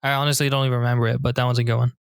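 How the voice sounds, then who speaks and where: A man's voice: medium pitch, level tone, very fast, gravelly, clean tone, no echo, studio quality. A young man co-hosting a podcast with his sister, joking and trailing off mid-thought in a casual chat. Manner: hesitant, trails off and restarts, joking. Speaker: podcast co-host.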